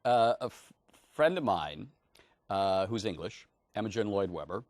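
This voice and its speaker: A man's voice: lowish voice, expressive, moderate pace, darkish tone, dry recording. A man hosting a talk show interview, asking eager questions with stumbling restarts. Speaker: interviewer host.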